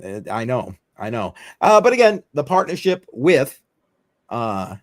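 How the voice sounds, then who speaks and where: A man hosts a loose, chatty crypto show. His talk wanders with fillers and offhand asides. The sound is dry and close, and his pitch sits in a middle range. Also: sing-song, unhurried, dry recording. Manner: rambling and offhand, many fillers. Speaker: host of a crypto news livestream. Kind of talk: casual talk-show chat.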